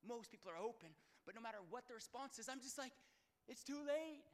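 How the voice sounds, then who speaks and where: A man preaching a sermon with personal stories, in a casual, slangy way, swinging from calm talk to shouting. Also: very high voice, fast.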